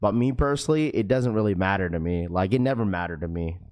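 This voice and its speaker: A young man hosting a live stream, chatting casually with viewers in an energetic, slangy, talkative way. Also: sits low, quick pace, smooth. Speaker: livestream host.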